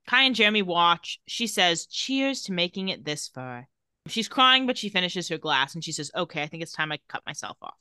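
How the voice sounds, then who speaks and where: A woman's voice: on the low side, brisk, few pauses, pushed and bright, no echo, studio quality. A woman co-hosting a podcast, casually recapping a TV episode scene by scene and quoting the characters. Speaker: podcast co-host.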